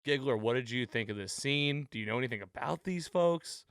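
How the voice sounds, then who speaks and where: A man hosting a casual recap chat, retelling scenes with animated quotes. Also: mid-range voice, fairly quick, clean tone, no room sound, studio quality. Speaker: podcast host.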